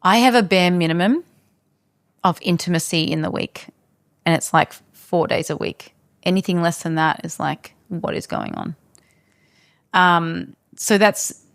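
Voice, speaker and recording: A woman's voice: on the low side, vocal fry, no room sound, studio quality. A woman talking as a podcast guest in a casual interview, candid and frank as she tells stories.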